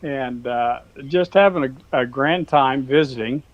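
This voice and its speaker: Folksy rancher man, mid-pitched, dry close sound, rambling storyteller. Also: measured pace, no echo, dull audio. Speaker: guest, cattle rancher. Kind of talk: casual storytelling.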